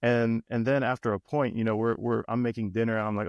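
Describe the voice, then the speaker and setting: A man's voice: mid-range voice, flat delivery, fast, no echo, highs cut off. Storytelling man on a podcast, dry close mic. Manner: storytelling, many restarts, acts out quoted voices. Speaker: personal coach, podcast co-host. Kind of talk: casual podcast chat.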